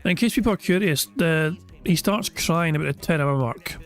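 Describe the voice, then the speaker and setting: A man's voice: on the high side, brisk, faint music behind. A man streaming commentary over a clip, mocking it in a sarcastic and profane way.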